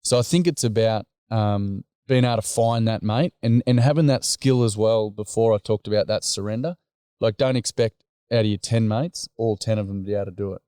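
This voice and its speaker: A man's voice: fairly low pitch, brisk, mellow, clean tone, no room sound, clean studio sound. An Australian man, a guest who leads men's groups, talking earnestly and plainly in a casual conversation, rambling with many fillers.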